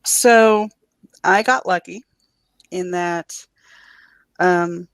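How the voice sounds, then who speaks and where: A woman writer as a guest on a podcast, telling an excited story about her audiobook. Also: fairly low pitch, very slow, smooth, dry recording. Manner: animated storyteller. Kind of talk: podcast interview.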